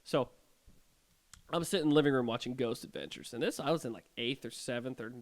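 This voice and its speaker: A man's voice: mid-range voice, fast. Joking young man telling spooky stories. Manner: animated storyteller with sarcastic jokes. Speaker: podcast co-host. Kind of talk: casual chat, telling ghost stories.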